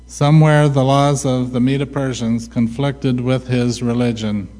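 A man preaching a sermon, asking rhetorical questions and answering them himself with a slow, deliberate delivery. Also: mid-range voice, level tone, warm tone. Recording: long hall reverb.

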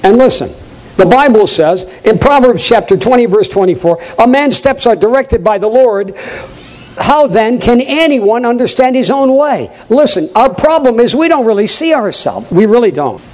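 High-voiced preacher with a New England accent. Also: male voice, lively intonation, moderate pace, rough recording. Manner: emphatic preaching, swinging between loud high stresses and low quiet asides; draws the congregation in with direct questions. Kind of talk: sermon.

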